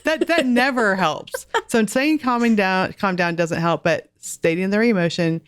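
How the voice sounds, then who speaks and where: A woman's voice: medium pitch, a little slow, clean tone, no echo. A woman in her forties, a guest author and homeschool mom, chatting earnestly in a podcast interview with light laughs.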